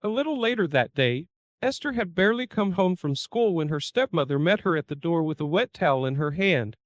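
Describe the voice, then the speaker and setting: Man, storyteller, high voice, animated pitch, dry recording, steady read. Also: brisk, no room sound. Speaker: narrator. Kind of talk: scripted story narration.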